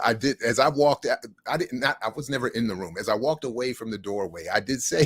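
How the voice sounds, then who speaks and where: A middle-aged man hosting a livestream, telling stories in a casual monologue with animated swings between hushed and loud. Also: mid-range voice, quick pace, hardly any pauses, breathy edge, no echo, clean studio sound. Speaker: livestream host.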